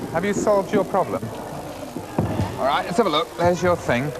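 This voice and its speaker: A man presenting a classroom music lesson to primary school children, asking brisk, encouraging questions. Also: sits high, expressive. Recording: 1980s schools TV, reverberant school hall, faint hiss.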